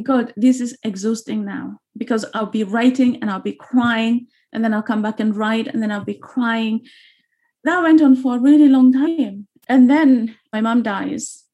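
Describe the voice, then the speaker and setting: A woman's voice: fairly high pitch, steady tone, moderate pace, mellow. A woman from Uganda, an author being interviewed, speaking earnestly and often repeating phrases for emphasis. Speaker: author guest. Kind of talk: reflective interview talk.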